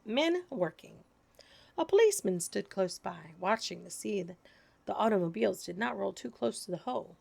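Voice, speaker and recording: A woman reading children's stories and rhymes aloud, expressive and animated. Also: mid-range voice, creaky. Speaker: storyteller. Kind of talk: children's storybook read-aloud.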